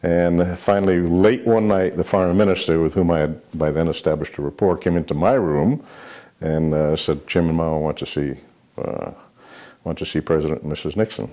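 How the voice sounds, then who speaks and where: A man's voice: low voice, steady tone, moderate pace, dark tone. An older man, a former military aide, answering interview questions with rambling anecdotes, many fillers and restarts.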